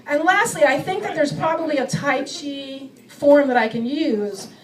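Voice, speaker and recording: High-voiced menopausal woman doing stand-up. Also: distant mic, poor audio. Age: middle-aged. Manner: self-mocking, acts out bits with quick voice shifts. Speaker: stand-up comedian. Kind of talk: stand-up comedy set. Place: comedy club stage before a live audience.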